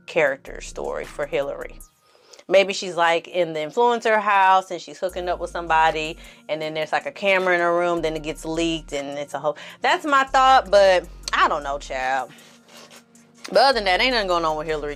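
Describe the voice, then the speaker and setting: A woman giving a casual, sassy TV review on her vlog. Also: medium pitch. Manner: sassy, expressive, acts out scenes in funny voices. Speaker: film and TV reviewer.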